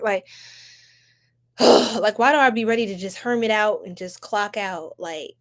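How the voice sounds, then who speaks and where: A young woman from New York with a New York accent, chatting casually and animatedly with her livestream audience in slangy, laugh-filled talk. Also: mid-range voice. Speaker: tarot reader livestream host.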